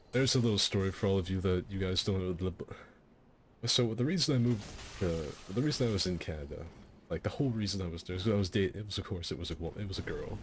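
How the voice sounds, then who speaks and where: Low-voiced man telling rambling stories. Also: slight background noise. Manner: rambling, self-interrupting, laughing at his own jokes. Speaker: streamer hosting a game fight night. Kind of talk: casual storytelling over gameplay.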